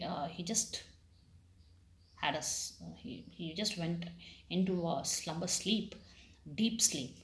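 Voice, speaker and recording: Woman, teacher explaining a story, patient, halting fillers, middle pitch, echoey room. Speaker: English teacher.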